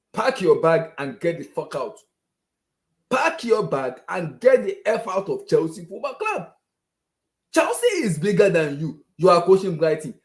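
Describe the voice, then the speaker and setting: A man, ranting as a football fan to camera, exasperated and repeating the same phrases over and over. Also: high voice. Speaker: football fan channel host. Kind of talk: angry fan rant to camera.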